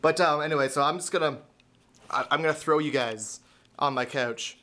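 A man's voice: on the high side, moderate pace, sharp tone. A man vlogging casually, telling a rambling story full of stammered restarts and self-deprecating asides.

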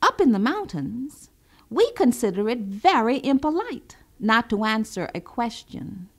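A woman's voice: fairly high pitch, very animated, measured pace, heavily acted. Woman voicing Uncle Bouqui, sly hungry trickster. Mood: irritated. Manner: polite, then irritable and impatient. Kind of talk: storybook reading.

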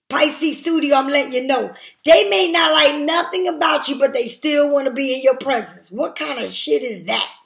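A woman's voice: high-pitched, gravelly, fairly bright tone. An older woman giving a tarot reading in a blunt, profane, emphatic way. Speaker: tarot reader. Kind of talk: casual tarot reading monologue.

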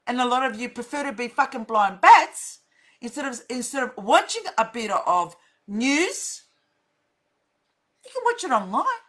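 A middle-aged woman lecturing her viewers bluntly, swearing freely and repeating her points. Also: a little high. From Australia. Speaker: vlogger, counsellor.

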